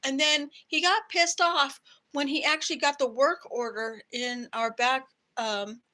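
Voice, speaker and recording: Woman venting angrily, bright voice. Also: high-pitched, steady tone, a little slow. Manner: heated, profane venting. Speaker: vlogger. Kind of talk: angry personal rant to camera.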